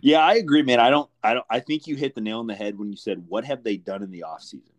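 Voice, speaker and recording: A man's voice: medium pitch, quick pace. A young man hosting a podcast in a laid-back casual chat, calling people "dude" and "brother" a lot. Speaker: podcast host.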